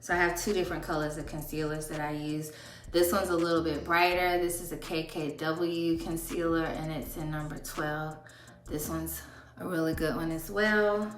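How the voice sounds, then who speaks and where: A woman's voice: low-pitched, steady tone, moderate pace. A woman in her thirties with a lilt, chatting casually to viewers as she does her makeup. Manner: chatty, talks while doing makeup. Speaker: beauty vlogger. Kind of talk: casual get-ready-with-me chat. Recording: roomy echo with music behind.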